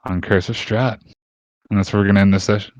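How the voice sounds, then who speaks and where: Male game master, low voice, loose and rambling, dull lo-fi chat audio with a dry sound. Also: fast talker, no room sound. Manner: relaxed, rambling with many fillers. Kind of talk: running an online tabletop game.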